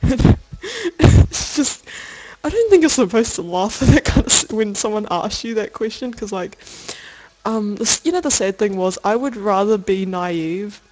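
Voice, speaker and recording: A woman's voice: mid-range voice, moderate pace, a little mellow, faint music behind. A young woman telling a personal story for a video diary, rambling with lots of fillers, laughter and casual swearing. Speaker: video diarist.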